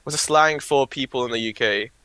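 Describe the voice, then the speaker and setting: A British man co-hosting a trading livestream, chatting casually and joking with a quick laugh. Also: medium pitch, sharp tone, poor audio. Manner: laughs often, joking banter. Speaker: livestream co-host.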